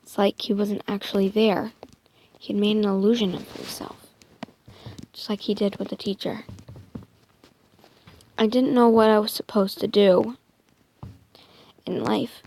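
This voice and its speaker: A woman narrating a made-up first-person story in a soft, hesitant way. Her voice has a gravelly fry and she speaks slowly. She often dips into a near-whisper and corrects herself mid-line. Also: mid-range voice, fairly even intonation.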